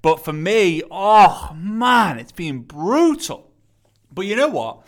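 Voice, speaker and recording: A man from England with an English accent and a slight lisp, hosting a solo motivational podcast in an emphatic, energetic way and repeating key phrases, still recovering from an illness. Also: sits high, slow pace. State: recovering from illness, not fully well. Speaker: podcast host.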